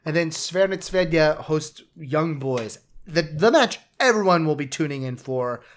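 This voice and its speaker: A man co-hosting a relaxed football podcast, chatting through his match picks. He rambles a little, pokes fun at himself and trails off mid-thought. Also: on the high side, measured pace. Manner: chatty, self-mocking, trailing off. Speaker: podcast co-host. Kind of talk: casual sports chat.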